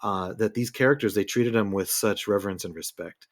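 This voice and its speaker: A man co-hosting a film review podcast, talking in an enthusiastic, animated way about a movie he loved. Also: on the low side, brisk. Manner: enthusiastic, animated, mimics quotes. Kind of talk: casual film review chat.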